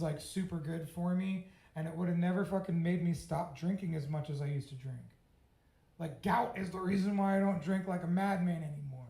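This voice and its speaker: Blunt swearing man with gravelly voice. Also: high voice, mellow, echoey room, low-quality recording. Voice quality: swears freely, blunt and candid. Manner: self-mocking, laughs at himself. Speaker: storytelling speaker. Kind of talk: personal story told to a live audience.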